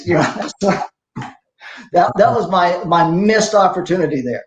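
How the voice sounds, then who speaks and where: A man's voice: high-pitched, normal speed, echoey room, a little hiss or hum, poor audio. A man in his sixties, a masters fitness athlete, telling stories in a casual interview with a rambling, self-deprecating manner. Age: 60s. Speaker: masters CrossFit athlete guest.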